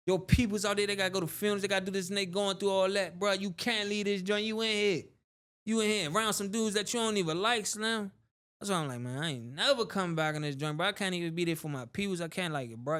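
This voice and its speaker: Dc guy telling prison stories in heavy slang, kinda high voice, keeps saying bro. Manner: street slang, animated, often repeats "bro" and "you know what I'm saying". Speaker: interview guest. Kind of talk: casual storytelling.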